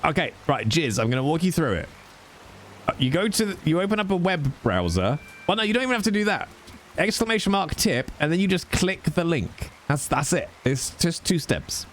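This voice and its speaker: A man's voice: a little high, sing-song, a little fast, a bit bright, a little hiss or hum. A male livestreamer chatting casually with his viewers in a teasing, mock-exasperated way. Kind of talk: casual chat with stream viewers.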